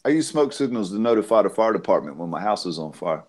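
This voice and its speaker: Low, lively-voiced man joking around. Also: fast, a crowd in the background. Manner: joking, laughs often, swears. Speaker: host. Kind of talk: casual crude banter on a live stream.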